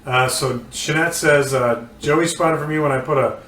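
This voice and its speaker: A man's voice: fairly high pitch, fairly even intonation, normal speed, a bit bright. Man co-hosting off-mic in an echoey room. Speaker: podcast co-host. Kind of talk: casual podcast chat. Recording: roomy, distant mic, faint noise.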